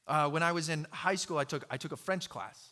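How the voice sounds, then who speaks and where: A man's voice: a little high, brisk, bright, forceful tone. A man preaching a sermon as pastor, conversational and storytelling, with filler words and asides.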